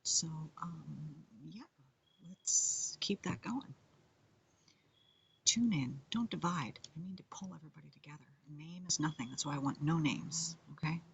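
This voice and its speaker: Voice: mid-range voice, measured pace, creaky, a little hiss or hum. A comedian and musician in a rambling casual monologue, playful and self-mocking, often drifting into whispers.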